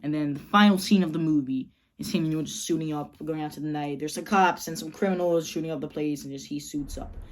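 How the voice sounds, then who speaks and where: A woman rambling excitedly through a fan movie pitch, padding it with fillers. Her voice sits low for a woman, in an unscripted chat. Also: fast talker, few pauses. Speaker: channel host.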